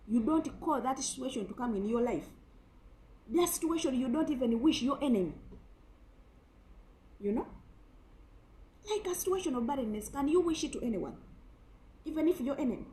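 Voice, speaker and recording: High, animated woman preacher. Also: low-quality recording. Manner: emphatic, many rhetorical questions. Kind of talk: sermon.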